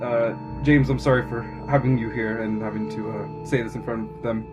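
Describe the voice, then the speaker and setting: A man's voice: mid-range voice, little pitch movement, over music, lightly acted. A man voicing Nightingale, a remorseful heroine. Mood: apologetic. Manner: halting, apologetic, soft-spoken. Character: remorseful adult woman hero and mentor to kids.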